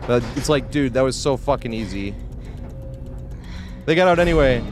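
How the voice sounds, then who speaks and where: A man streaming a game live, ranting in exasperation with frequent swearing and yelling at the screen in bursts. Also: medium pitch, expressive, moderate pace, faint music behind. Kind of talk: live gameplay commentary.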